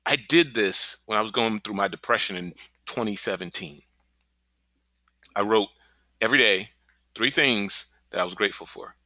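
Bright-voiced upbeat male pastor. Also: lowish voice, normal speed, pauses often, no room sound. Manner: energetic, keeps asking "right?". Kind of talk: encouraging podcast sermon.

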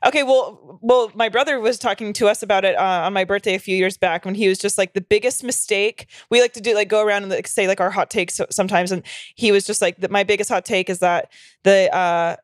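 Young woman podcast co-host, mid-pitched, dry close sound, chatty and profane. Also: fairly even intonation, fast talker, no echo. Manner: chatty, profane, heavy use of "like". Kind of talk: casual chat.

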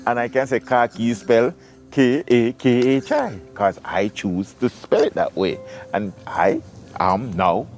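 A man's voice: medium pitch, a little mellow. A man hosting a podcast in casual chat, playful, laughing often and spelling words out letter by letter. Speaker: podcast host.

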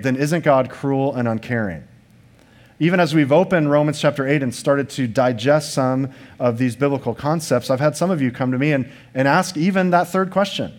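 Male pastor, mid pitch, earnest emphatic sermon delivery with conversational asides. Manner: earnest, emphatic preaching with rhetorical questions; restarts and fillers, conversational asides to the congregation.

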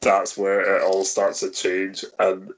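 A male podcast host talks at an unhurried pace in a fairly low voice. He leads a casual film discussion, walking through scenes and turning questions over to his co-hosts. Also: monotone, slight background noise. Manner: leads the talk, recapping scenes and asking the others.

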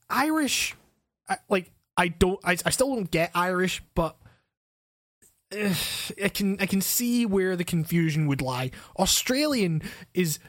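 A man's voice: high-pitched, dry recording. A young Scottish man in casual chat, telling stories with lots of swearing and laughter. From Scotland. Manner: profane, animated storytelling with frequent laughs.

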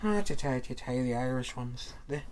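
A man's voice: medium pitch, expressive, fairly quick, a little mellow, natural voice. A man putting on a crude, swaggering mock Irish brogue as a boisterous barroom character. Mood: rowdy.

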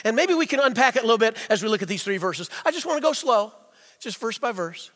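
A man preaching a sermon, asking the congregation questions and slowing down to stress key phrases, with big swings between hushed and loud delivery. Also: extremely high pitch, animated. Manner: rhetorical questions, slows for emphasis, swings between quiet and loud. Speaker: pastor. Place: church sanctuary. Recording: long reverb in a church hall.

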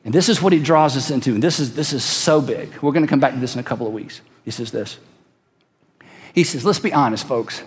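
A man's voice: medium pitch, brisk, slightly rough, long reverb tail. A man preaching a sermon in a conversational, emphatic way, acting out quoted voices as he goes. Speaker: pastor.

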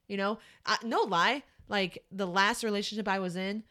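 A woman's voice: mid-range voice, fairly even intonation, moderate pace, sharp tone. A woman in her thirties co-hosting a podcast, talking frankly and emphatically in casual chat, laughing often. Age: 30s. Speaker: podcast co-host.

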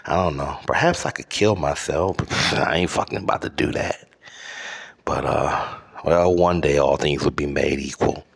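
A man's voice: a bass voice, moderate pace, gravelly, husky. A man hosting a podcast, delivering a profane solo rant with exaggerated outrage and lots of fillers. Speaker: podcast host.

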